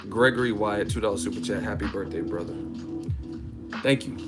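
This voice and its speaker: A man's voice: fairly low pitch, a little slow. A man from Northern California hosting a boxing livestream, talking casually, joking and rambling with frequent laughs. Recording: music playing behind.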